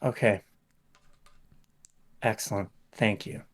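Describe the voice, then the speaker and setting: A man playing a character in a tabletop game, speaking softly and hesitantly, describing his character's actions. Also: on the low side, steady tone, slow. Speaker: player.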